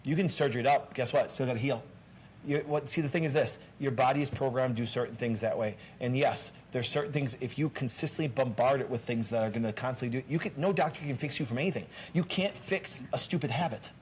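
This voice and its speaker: A man's voice: mid-range voice, fast, slight background noise. A man hosting a casual health talk show as a doctor, talking emphatically, with restarts and rhetorical questions.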